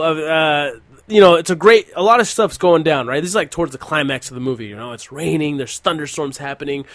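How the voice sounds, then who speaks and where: A man's voice: on the high side, no room sound. A young man hosting a casual podcast, retelling a movie scene with lots of swearing and laughter. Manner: profane, laughing storyteller. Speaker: podcast host.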